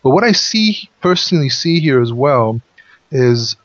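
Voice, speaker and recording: A man hosting a Bible study, explaining passages and thinking out loud. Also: medium pitch, big pitch swings, unhurried, no room sound. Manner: explanatory, thinks aloud with restarts. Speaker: host and Bible teacher. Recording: dry, dull lo-fi sound.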